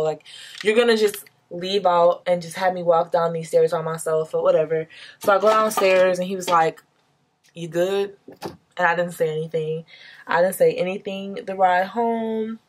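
A young woman telling a personal story to her camera, candid and emotional, casual and swearing freely. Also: lowish voice. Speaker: vlogger.

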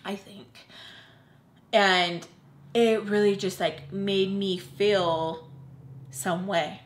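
A woman's voice: mid-range voice, steady tone, very slow. Young woman rambling through a storytime. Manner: rambling, fills with "like" constantly; candid, emphatic, cuts off swears. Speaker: YouTube storyteller. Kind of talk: casual storytime.

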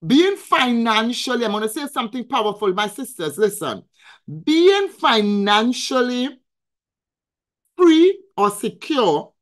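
A woman hosting a weekly live coaching stream, talking in an emphatic, preacherly way, repeating phrases and answering viewers in the chat. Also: medium pitch. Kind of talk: motivational live-stream talk.

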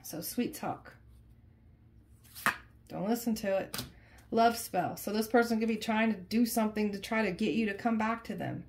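This is a woman in the middle of a casual tarot reading, talking straight to her viewers. Her voice sits at an ordinary pitch for a woman. She speaks emphatically and conversationally and keeps circling back to repeat her phrases. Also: normal speed, pauses often, a little mellow, slight background noise. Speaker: tarot reader.

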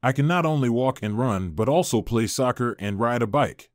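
A man's voice: medium pitch, lively intonation, normal speed, dry recording, close to an everyday voice. Man reading a shy, pleading six-year-old boy; storybook, dry close read. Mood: hopeful.

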